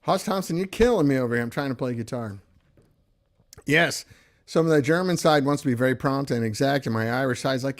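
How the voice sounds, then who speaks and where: A man's voice: medium pitch, brisk. A man hosting a casual livestream, rambling and laughing as he reads viewer comments aloud. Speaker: livestream host and guitarist.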